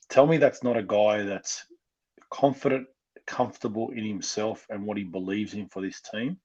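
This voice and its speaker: Fired-up Australian man, husky voice. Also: fairly low pitch, mellow, highs cut off. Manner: passionate, gets fired up. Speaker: podcast co-host, fan guest. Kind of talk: casual fan podcast chat.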